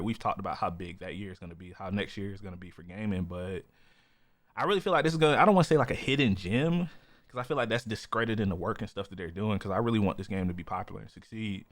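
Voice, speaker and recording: A man's voice: on the low side, a bit bright, dry recording. A man co-hosting a podcast in casual chat, rambling with lots of "you know" and "like" fillers. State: has the hiccups. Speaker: podcast co-host.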